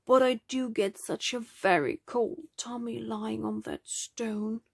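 A woman voicing a proud, gentle male stone lion in a storybook reading, soft-spoken. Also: fairly high pitch, steady tone, slow pace, gravelly, slightly rough, no room sound, studio quality, exaggerated voice.

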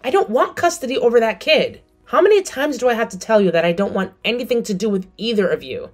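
A woman's voice: on the high side, animated, quick pace, faint music behind. A middle-aged woman narrating her story and speaking coldly and firmly to her family. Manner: cold, firm. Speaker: narrator and mother.

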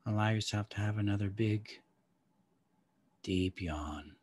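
A man leading a guided somatic meditation, giving slow, calm, soft-spoken instructions with long pauses. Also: on the low side.

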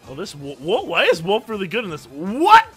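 High, lively young man yelling over gameplay. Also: fairly quick, slightly rough, faint music behind. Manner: shouting, laughing, hyped. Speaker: gaming YouTuber. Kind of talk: excited gameplay commentary.

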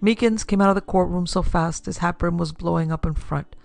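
A woman narrating a classic pulp detective story in a steady, measured way. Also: fairly low pitch, creaky, dry recording. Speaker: narrator and producer. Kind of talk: scripted audiobook narration.

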